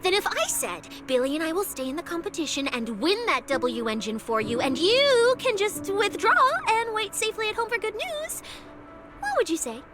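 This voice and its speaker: A woman's voice: extremely high pitch, sing-song, moderate pace. An actress voicing Cecilia, a playful, food-loving young female public security specialist in a video game, teasing and joking as she talks. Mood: mock-stern. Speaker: game character. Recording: game audio with music behind.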